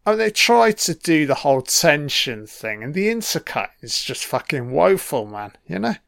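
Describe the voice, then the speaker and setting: A man's voice: a little high, very animated, moderate pace, gravelly, a bit bright, no echo, studio quality. A man giving casual, sweary film commentary, sardonic and mocking.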